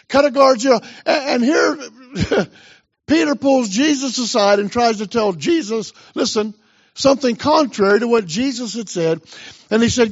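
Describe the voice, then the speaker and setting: A man's voice: extremely high pitch, breathy edge, dull audio. A man pastor preaching a sermon with emphasis, urging the congregation on.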